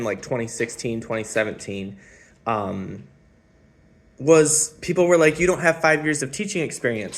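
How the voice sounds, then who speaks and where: A man in his thirties tells his own story in a loose, casual vlog style. His voice sits at an ordinary middle pitch. He drifts and reflects as he goes, filling pauses with frequent ums. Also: fairly bright tone. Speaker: spiritual channeler and former music teacher.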